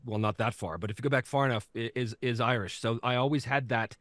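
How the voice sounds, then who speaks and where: Canadian male voice actor, lively raconteur, mid pitch, dry close sound. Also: fast, no room sound. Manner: animated storyteller, slips into character voices. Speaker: guest, voice actor. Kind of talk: casual interview chat.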